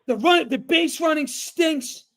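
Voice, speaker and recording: A man co-hosting a sports podcast, ranting angrily, shouting and swearing a lot. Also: very high-pitched, unhurried. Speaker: podcast co-host. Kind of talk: heated sports rant.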